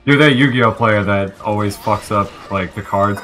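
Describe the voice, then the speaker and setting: A man joining a game let's play, teasing his friends quickly and swearing. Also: lowish voice, fairly bright tone, faint music behind, rough recording. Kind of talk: casual gaming banter.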